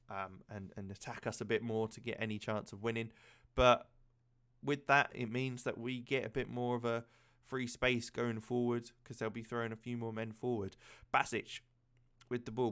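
Excitable man calling a game match. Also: mid-range voice, clear, resonant tone. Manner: excitable, chatty, laughs at misses. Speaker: gaming commentator. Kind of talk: casual play-by-play commentary.

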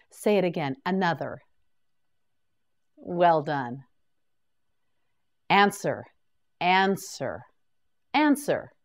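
A woman teaching English vocabulary in a slow, scripted lesson, saying each word clearly and prompting the listener to repeat it. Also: lowish voice. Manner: clear, deliberate drilling with repetition prompts.

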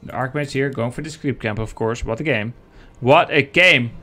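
A man casting a strategy game match live, chatty and excitable, talking to viewers as guys. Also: mid-range voice, a little fast. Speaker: esports caster.

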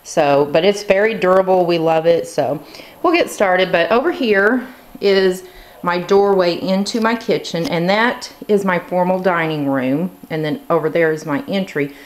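A woman's voice: fairly low pitch, a little slow. A woman in her thirties giving a casual tour of her home kitchen, chatty with lots of ums and likes, a little out of breath, filming as she walks around. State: slightly out of breath. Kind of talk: casual walkthrough narration.

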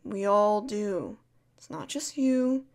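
A woman in a whispered role-play as a caring friend, talking softly and soothingly, repeating comforting words and shushing gently. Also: mid-range voice, animated, slow pace. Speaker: ASMR creator playing a caring friend.

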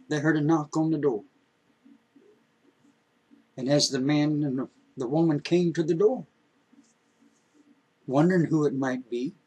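A man telling a folksy story in an unhurried, homespun way. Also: fairly high pitch, a little mellow, husky, rough recording.

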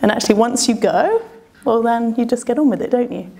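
A British adventurer and speaker tells a travel story in a chatty, self-deprecating way, laughing often. Her fairly high voice is mellow and slightly rough, with lively intonation and a brisk pace.

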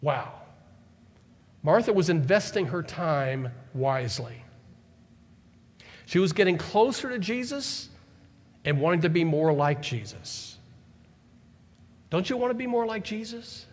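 A male pastor preaching a sermon to his church, animated, acting out the words of the people in his story. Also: sits high, unhurried, pauses often. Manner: animated preaching, acts out Bible figures' words. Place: church sanctuary. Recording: church hall reverb.

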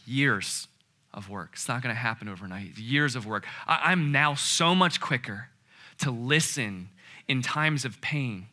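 A man preaching a sermon in an earnest way, repeating key phrases and dropping to a hush. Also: mid-range voice. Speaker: pastor.

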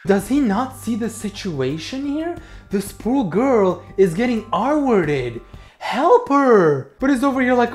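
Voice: mid-range voice, sing-song, takes it slowly. A reaction host giving blunt, profane, sarcastic commentary over a clip.

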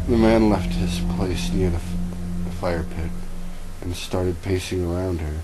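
Male comedic reader, low voice, sarcastic asides over background music. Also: a little slow, poor audio. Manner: wry, mocking, stumbles and corrects himself. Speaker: fanfiction reader.

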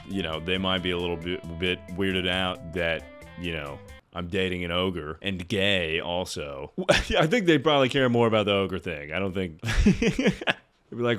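A man streaming, making wry jokes in casual commentary that bursts into loud, excited yelling. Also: deep voice, moderate pace, soft background music. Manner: wry, joking asides.

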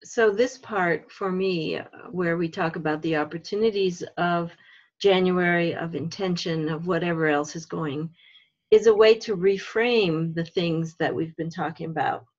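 A woman leading a religious education workshop, explaining ideas slowly and thoughtfully, step by step. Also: fairly low pitch, lo-fi sound. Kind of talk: workshop talk for teachers.

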